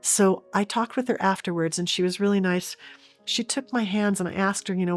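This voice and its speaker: A woman's voice: mid-range voice, fairly quick, soft background music. A middle-aged woman from Oregon, an interview guest telling a personal story earnestly, with frequent restarts. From Oregon, USA.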